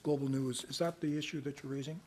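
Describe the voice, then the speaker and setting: An older man from Canada answering reporters' questions at a press conference in a measured, deliberate way, at times reading aloud from a report. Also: mid-range voice, steady tone, darkish tone, a little hiss or hum. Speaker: special rapporteur at a press conference.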